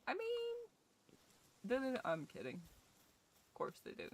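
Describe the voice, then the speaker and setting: Young scottish woman, streamer, slow-talking, joking, sweary, chatty. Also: high-pitched, wildly swooping pitch. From Scotland. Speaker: gaming streamer. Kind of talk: casual game commentary with chat.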